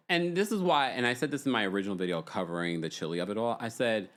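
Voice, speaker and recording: A man's voice: on the low side, fast talker, hardly any pauses. A man hosting a casual call-in show, reading viewer messages aloud and joking. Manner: animated, jokey, reads messages aloud. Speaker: host of a call-in gossip show.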